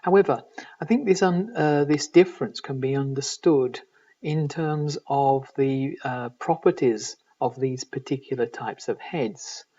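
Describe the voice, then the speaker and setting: A man giving a recorded university lecture in linguistics, measured and explanatory, often pausing to find his words. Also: medium pitch, mellow. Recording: distant, dull lo-fi recording.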